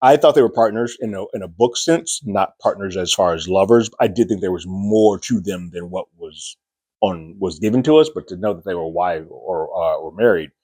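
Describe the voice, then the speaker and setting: A man with a very deep voice walks through a TV episode in a relaxed recap. His delivery is chatty and loose, full of restarts. The sound is dry and close, with no room echo. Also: moderate pace, husky. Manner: chatty, loose retelling with frequent restarts and acted-out quotes. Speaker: TV show reviewer.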